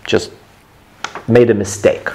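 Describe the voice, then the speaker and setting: A man's voice: slow pace, warm tone. A male English teacher whose first language is Russian, explaining phrases in simple words during a lesson.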